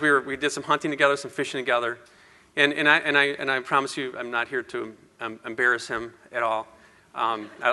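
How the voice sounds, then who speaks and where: Man, 50s, rambling and self-deprecating event speaker, bright tone, hall reverb. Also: fairly high pitch. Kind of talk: personal speech to an audience.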